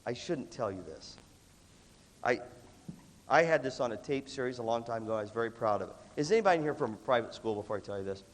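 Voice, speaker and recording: A man's voice: mid-range voice, expressive, fast talker. Coughing man speaking in a big hall. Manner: conversational, acts out quoted students. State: coughing repeatedly. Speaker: motivational speaker. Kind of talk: live talk to a large student audience. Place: large hall with a big audience. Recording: long hall reverb.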